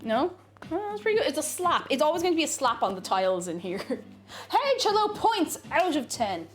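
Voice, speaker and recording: A fairly quick woman's voice with an Irish accent plays over background music, playfully teaching an Irish word of the day on a casual live stream. Using a desk microphone, she throws out high, excited greetings to the chat.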